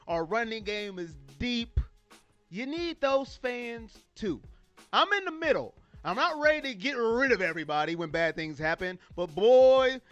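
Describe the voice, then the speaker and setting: A man from California runs a fan livestream, his high, bright voice spilling with emotion as he reads out viewers' comments and greets them. He talks casually and laughs easily. The sound is dry and close, with faint music underneath. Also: smooth, dry recording. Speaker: sports fan livestream host. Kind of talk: casual livestream talk reading chat comments.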